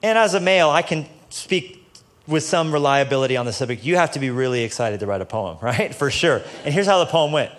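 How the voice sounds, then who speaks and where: A man's voice: fairly high pitch, animated, brisk. Joking, fiery preacher man. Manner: casual, joking, builds to loud passionate peaks. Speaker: pastor. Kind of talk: sermon. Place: church stage before a live audience.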